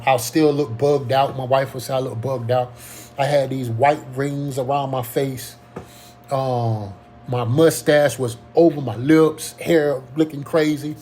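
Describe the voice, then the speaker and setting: A man's voice: medium pitch, dark tone, a little hiss or hum. A young man tells his own story in a casual, earnest way, often stopping to restart his sentences. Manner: halting, earnest, frequent restarts and ums. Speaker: Covid survivor telling his story. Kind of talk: casual personal testimony.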